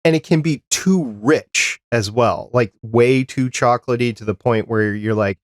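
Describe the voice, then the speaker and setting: A man hosts a podcast chat in a relaxed, rambling way, at a middling pitch. His voice sounds close and dry, with no room sound around it. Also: a little slow, hardly any pauses, dry recording. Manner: easygoing, rambling, chatty. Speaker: podcast host.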